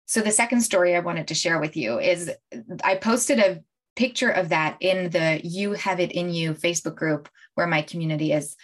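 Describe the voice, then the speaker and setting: A middle-aged woman speaks casually to her livestream viewers as a coach. She is animated and chatty and breaks into laughter often as she tells her stories. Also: lowish voice, moderate pace. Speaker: life coach hosting a livestream. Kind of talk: casual live-stream talk to viewers.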